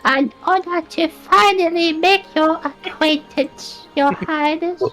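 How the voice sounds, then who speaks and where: A man voicing a courtly male noble who speaks formally and slowly. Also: very high-pitched, bright, forceful tone, faint music behind, voice pushed up, full character voice. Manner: formal, slow and grand.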